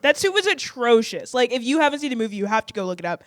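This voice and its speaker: A giggly man chats casually as a guest, his voice sitting high. His intonation leaps around with animation as he gleefully quotes lines. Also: very animated, very fast. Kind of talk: casual chat.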